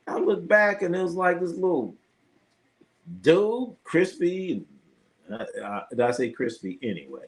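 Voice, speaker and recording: A middle-aged sports streamer hangs out live with his viewers, telling animated stories full of profanity in a casual way. His voice sits high, and he keeps a measured pace.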